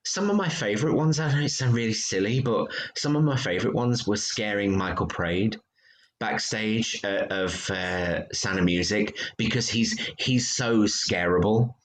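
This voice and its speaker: A British man, a theatre actor, chatting casually and telling backstage stories with lively, acted-out quotes. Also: moderate pace, a little hiss or hum. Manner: animated storyteller, acts out quotes with big pitch jumps. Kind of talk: casual chat.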